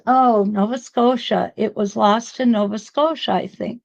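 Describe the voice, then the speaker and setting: A middle-aged woman runs a live-streamed quilting demo, chatting to her online viewers as she works and laughing now and then. Her fairly high voice is steady, unhurried and creaky, and the recording sounds muffled.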